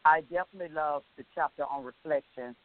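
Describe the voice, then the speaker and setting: A woman hosting a faith-based interview, talking in an emphatic, expressive way. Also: low voice, quick pace, no echo. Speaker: radio show host. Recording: tinny phone line.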